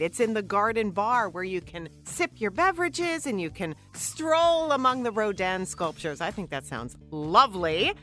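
A woman's voice: medium pitch, sharp tone. A woman co-hosting a morning radio show, bubbly and teasing as she runs through events.

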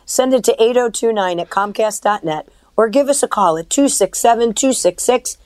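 A woman co-hosting a radio show, giving mortgage rates in a friendly, brisk way. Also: a little high, a little mellow, no room sound. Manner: friendly, reads out rates and phone numbers briskly. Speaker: mortgage lender and radio co-host. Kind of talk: casual radio talk.

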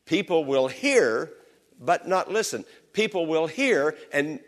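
A man's voice: a little high, sing-song, slow. A middle-aged man preaching a sermon as pastor in a church, his voice swelling and dropping with passion. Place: church sanctuary.

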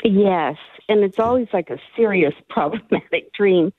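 A woman's voice: medium pitch, moderate pace, no room sound. A woman calling in to a radio show, asking her question hesitantly and searching for words. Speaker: caller. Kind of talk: phone-in question. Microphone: telephone. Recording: tinny phone line.

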